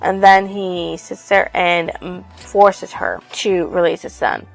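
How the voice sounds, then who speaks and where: A woman's voice: on the low side, fairly even intonation, slow, vocal fry, soft background music. A woman casually retelling a book's plot for a review, rambling loosely with many fillers and some casual swearing. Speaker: book reviewer.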